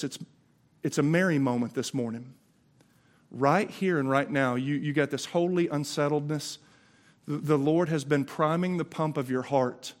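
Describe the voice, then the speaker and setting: A man preaching with a Southern US accent, his voice sitting a little higher than most men's. He talks to the congregation in a casual, impassioned way and stumbles through quick repeated restarts. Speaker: pastor. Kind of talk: Easter sermon.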